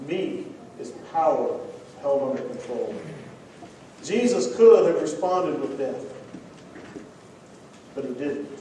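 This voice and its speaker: A man with a Texan accent preaching a sermon as pastor, telling stories in a conversational way and dropping to quiet emphasis. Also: a little high, animated, takes it slowly, long pauses. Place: church sanctuary. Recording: echoey church from far off, faint noise.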